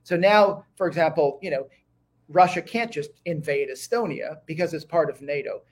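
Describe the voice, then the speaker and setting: A man's voice: a little high, normal speed. A man speaking as a guest historian in an interview, eager and talking in bursts with many restarts. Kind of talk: conversational interview.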